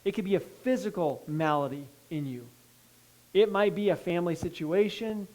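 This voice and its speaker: A male pastor preaching a sermon, reading scripture and breaking in with asides, moving between hushed pleading and loud emphasis. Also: sits high, moderate pace, poor audio. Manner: reads scripture then breaks in with asides and checks like "okay?".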